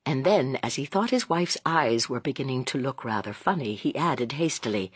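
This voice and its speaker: A woman narrating a classic novel as an audiobook, in a measured, expressive storytelling voice. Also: a bass voice, breathy edge, no room sound. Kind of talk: scripted narration.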